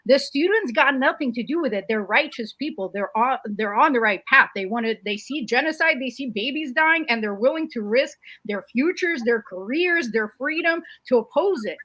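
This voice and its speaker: Hesitant, bright-voiced woman co-host. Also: high-pitched, expressive, normal speed, hardly any pauses, dry recording. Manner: hesitant, with many "uh" fillers and restarts. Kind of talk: livestream political commentary.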